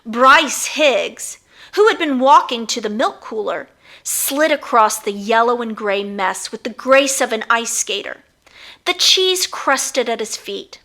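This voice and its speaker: A woman's voice: a little high, measured pace. A woman narrating her own children's book as an audiobook, reading expressively. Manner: expressive storytelling.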